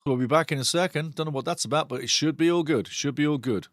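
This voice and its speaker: A man hosting a live football watch-along, commenting on play with excitable, sweary banter aimed at his chat. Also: fairly high pitch, fast talker, no room sound, clean studio sound.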